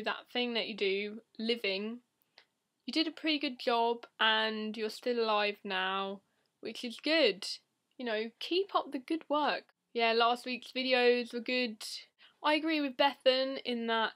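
A teenage woman vlogging casually to camera in a deadpan, rambling, silly way. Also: on the high side.

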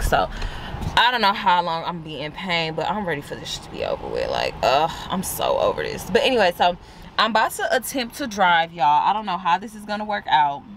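A woman's voice: fairly low pitch, slight background noise. Chatty woman vlogging from her car, sore. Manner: chatty, animated, calls viewers "y'all" and "girl". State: sore and recovering after surgery. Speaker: beauty vlogger. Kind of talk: casual vlog chat to camera. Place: inside a parked car.

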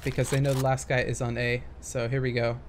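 A man's voice: medium pitch, little pitch movement, fairly quick, background noise. A young man casually commenting on gameplay footage, thinking aloud and hesitating with many fillers. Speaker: gaming commentator.

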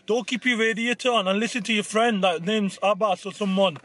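A man's voice: sits high, steady tone, brisk, fairly bright tone. A young man, vlogging from a car, chatting casually and swearing as he teases his friend. He is recorded on a phone inside the car. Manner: swearing, teasing, banter. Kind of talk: casual chat. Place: in a parked car.

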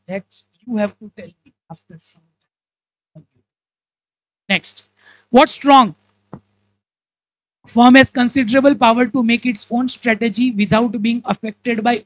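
A woman's voice: fairly high pitch, dry recording, rough recording. A woman with an Indian English accent teaching a live class, quizzing students and playfully acting out examples. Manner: playful, acts out examples in character voices; quizzing the class with rapid questions.

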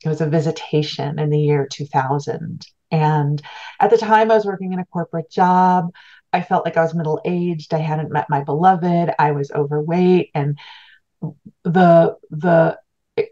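As an interview guest, a middle-aged spiritual teacher with a notably low, warm voice recounts a personal story earnestly, heartfelt and reflective. The recording is somewhat muffled and lo-fi.

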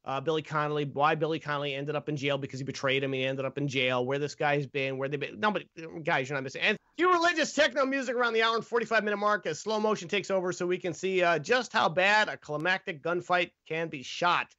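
A man's voice: fairly high pitch, fast talker, few pauses, bright, forceful tone, dry recording, lo-fi sound. A man hosting a casual comedic movie review podcast, reading scripted jokes with stumbles and laughs. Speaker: podcast host.

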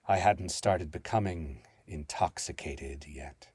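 Deep, husky man reading a dark tale. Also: moderate pace, no echo, clean studio sound. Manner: grave, theatrical first-person telling. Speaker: narrator. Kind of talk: dramatic story reading.

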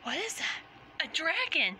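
A woman voicing every character in a homemade fan play, excitable and switching from voice to voice. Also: very high voice, measured pace, slight background noise, rough recording.

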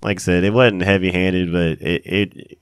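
Deep-voiced joking podcast man. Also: level tone, moderate pace, clear, resonant tone, no room sound. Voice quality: joking, blunt, profane. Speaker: podcast co-host. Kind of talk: casual chat.

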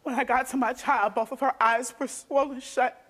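A young woman, a guest on a talk show, recounting events in a rapid, emotional way. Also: sits high, fairly even intonation, fairly bright tone, slightly rough. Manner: rapid, emotional storytelling with restarts. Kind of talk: telling her story on a talk show. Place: TV studio stage.

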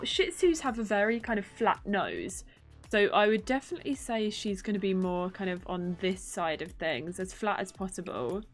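A young woman chatting casually as she plays a game, musing aloud and thinking through her choices. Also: medium pitch. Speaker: gaming YouTuber. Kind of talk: casual gameplay commentary. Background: faint game music.

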